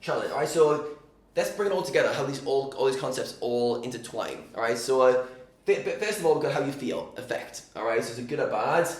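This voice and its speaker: A man's voice: medium pitch, quick pace, reverberant. A man coaching poker players on mindset in a casual, direct teaching talk, checking in often with "all right?".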